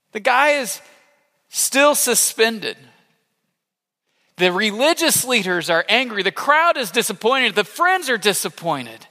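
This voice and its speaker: A man preaching a sermon, telling the story with animated storytelling and acting out the people in it. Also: high voice, slow pace, big-room sound. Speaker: pastor.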